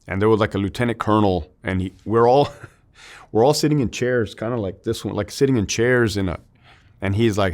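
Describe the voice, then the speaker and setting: A man with a lowish voice shares his story openly in an interview, loose and conversational. He throws in "dude" and "like" all the time and swears freely, and the emotion stays raw under a plain telling. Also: brisk, a little mellow. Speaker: interview guest, army veteran.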